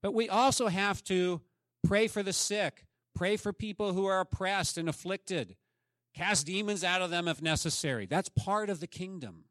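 A man's voice: sits high, animated, moderate pace, a bit bright, no room sound, studio quality. A man preaching a sermon as pastor, emphatic and often asking the congregation questions.

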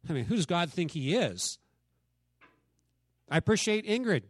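A man's voice: high voice, big pitch swings, moderate pace, dry recording. Conversational man teaching scripture. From United States. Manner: conversational, quizzes listeners and acts out quotes. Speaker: church teacher. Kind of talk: Bible study teaching.

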